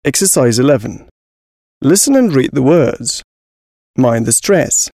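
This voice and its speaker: A textbook audio reader slowly saying vocabulary words one at a time for a language lesson. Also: medium pitch, lively intonation, warm tone, no echo, clean studio sound. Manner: deliberate, one word at a time. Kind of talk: slow read-aloud vocabulary drill.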